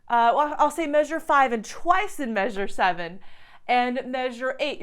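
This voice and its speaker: High-voiced woman teaching piano. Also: smooth. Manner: encouraging, explains step by step. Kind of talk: piano tutorial. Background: piano playing.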